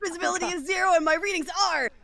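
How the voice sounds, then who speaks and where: A woman's voice: very high-pitched, very fast, no echo. A woman reading the part of a frantic young male pilot caught in a storm, in a comedic table read. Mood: frantic shouting. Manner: shouting, hammy over-the-top.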